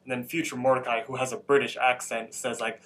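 A man's voice: medium pitch, flat delivery, fast talker, a bit bright. A young man co-hosting a podcast, retelling a cartoon episode in loose casual chat full of "like" and "um". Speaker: podcast co-host.

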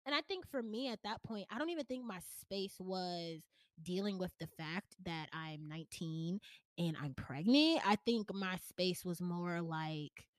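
A woman's voice: on the low side, lively intonation, measured pace, dry recording, studio quality. A woman in her twenties hosting a podcast. She tells a personal story candidly and emotionally, talking straight to her listeners. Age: 20s. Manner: chatty, addresses listeners directly. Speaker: podcast host.

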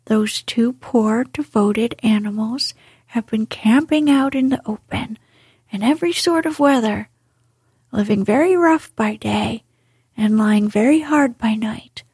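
A woman's voice: on the high side, a little slow, dry recording, exaggerated voice. Sensible, good-natured rat; woman reader, airy near-whisper, dry close recording. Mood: reproachful. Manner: soft, breathy whispered reading. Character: sensible, reproachful male water rat.

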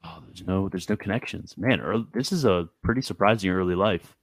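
A man's voice: low-pitched, fairly quick, no echo. A man hosting a casual group chat, reading aloud from his screen and reacting bluntly with frequent laughs. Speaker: host.

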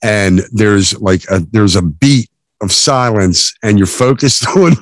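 A man co-hosting a podcast in casual film discussion, talking haltingly with many restarts. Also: fairly low pitch, no room sound. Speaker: podcast co-host.

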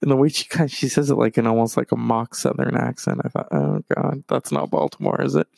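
A man's voice: mid-range voice, brisk, gravelly, darkish tone, no room sound. A man streaming on a Friday night, rambling casually about movies with plenty of swearing and restarts. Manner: rambling, profane, self-interrupting movie talk. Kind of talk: casual chat.

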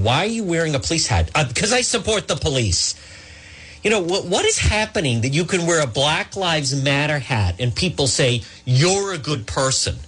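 A man's voice: on the high side, a bit bright, husky. A middle-aged man hosting a talk radio show, ranting in an indignant, rambling way and repeating himself. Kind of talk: opinionated talk radio monologue, also streamed live.

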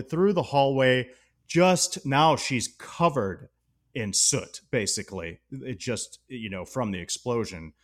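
A man co-hosting a podcast, talking casually and enthusiastically about a movie, laughing often. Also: fairly low pitch. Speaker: podcast co-host. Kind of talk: casual film discussion.

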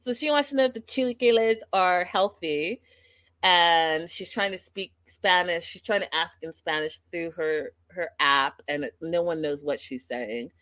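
A woman with a lowish voice, speaking a little slowly with a somewhat bright tone and no echo. She hosts a livestream and does a casual recap, gossiping in a chatty way and talking directly to her viewers.

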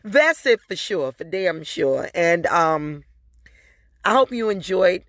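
A woman's voice: medium pitch, a bit bright, no echo, clean studio sound. A woman hosting her own podcast, telling a personal story in a candid, profane, casual way and addressing her listeners directly. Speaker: podcast host.

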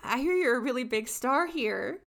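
A woman's voice: high voice, expressive, normal speed, creaky, fairly bright tone, pitched above the performer's own voice, full character voice. A woman reading the part of a guarded, polite teenage girl pop star aloud from a book.

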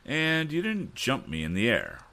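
A man's voice: mid-range voice, huge pitch swings, a little slow, gravelly, bright, forceful tone, voice pushed up, exaggerated voice. A man reading the part of a friendly adult racing driver who talks in a chatty, admiring way.

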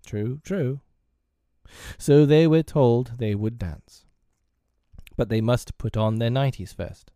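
A man reading a classic children's story aloud with expressive, lilting narration. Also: medium pitch, slow, no room sound, studio quality.

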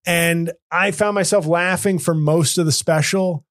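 A man's voice: fairly high pitch, fairly even intonation, measured pace, a bit bright. A man hosting a comedy podcast, talking casually in rambling, self-interrupting runs with joking asides. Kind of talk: casual chat.

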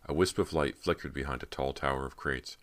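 A man narrating a horror audiobook in an even, measured way. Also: rumbling low.

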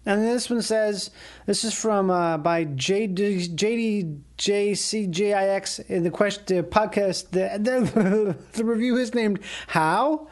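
A man's voice: high-pitched, slow. A man hosting his own podcast in a casual solo monologue, rambling and swearing freely with frequent chuckles. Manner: rambling, profane, laughs between phrases. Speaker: podcast host.

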